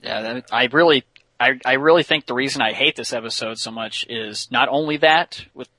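Podcast co-host, man, bright tense voice, dry close sound, opinionated rant. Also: mid-range voice, normal speed, no echo. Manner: exasperated, opinionated. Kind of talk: casual chat, critique.

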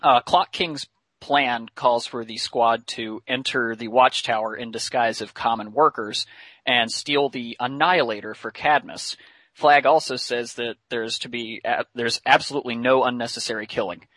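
A chatty man walking through a cartoon episode in a loose, casual recap, laughing often and full of fillers. His voice is bright and forward, with a dry, close sound and no room echo. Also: mid-range voice, fairly even intonation, normal speed.

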